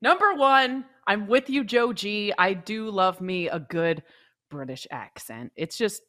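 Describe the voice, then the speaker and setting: A woman from Canada co-hosting a casual podcast chat, playful and animated. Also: mid-range voice, a little slow. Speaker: co-host.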